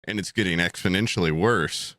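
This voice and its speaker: A man's voice: deep voice, brisk, sharp tone, no echo, clean studio sound. A young man co-hosting a podcast, telling a story in a casual, comedic way, acting out quotes and swearing freely. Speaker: podcast co-host.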